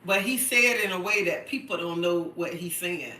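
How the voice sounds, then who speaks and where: A woman's voice: on the low side, moderate pace, bright, forceful tone, roomy sound, distant mic. A middle-aged woman chatting on her live stream, emphatic and repetitive, often checking in with "okay?". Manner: chatty and emphatic, repeats herself, keeps asking "okay?". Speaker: livestream host. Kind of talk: casual live-stream chat.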